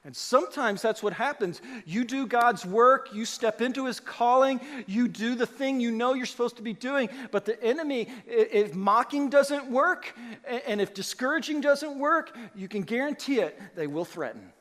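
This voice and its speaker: A man preaching a sermon as pastor, animated and emphatic, acting out the voices he quotes. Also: extremely high pitch, moderate pace, few pauses. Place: church sanctuary. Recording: long hall reverb.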